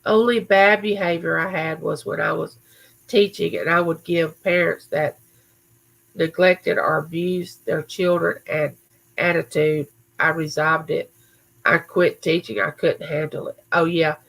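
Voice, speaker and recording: Lady chatting on her home livestream, lowish voice, bright and forward, answering comments by name. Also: steady tone, a little slow, gravelly, rough recording. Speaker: livestream host. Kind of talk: casual live chat reading viewer comments. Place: home recording room.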